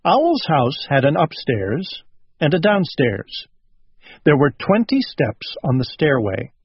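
Male storybook reader, unhurried and gentle, lively pitch; dry, close sound. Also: breathy edge, no room sound. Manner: slow and gentle. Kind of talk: storybook read-aloud. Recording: dull lo-fi recording.

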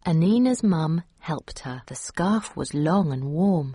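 Slow, husky woman reading a picture book. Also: deep voice, no echo, clean studio sound. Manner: slow, clear, with expressive rises and falls. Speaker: storyteller.

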